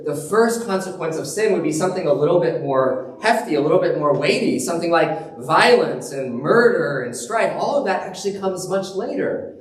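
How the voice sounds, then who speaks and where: A male pastor preaching to his congregation in an easy, storytelling manner. His voice sits a little high for a man and carries around a roomy church sanctuary, caught from some distance away from the mic. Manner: conversational storytelling with chuckles. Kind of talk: sermon.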